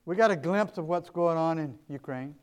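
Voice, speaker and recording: High, clear-voiced Southern US pastor. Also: male voice, moderate pace. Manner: earnest, emphatic, shifts from quiet to loud. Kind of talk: sermon storytelling.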